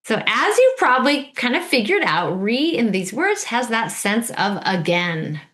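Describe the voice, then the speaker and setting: A woman's voice: a little high, big pitch swings, a little slow, fairly bright tone. A woman teacher giving an instructional video lesson, patiently modeling words and prompting the listener to repeat.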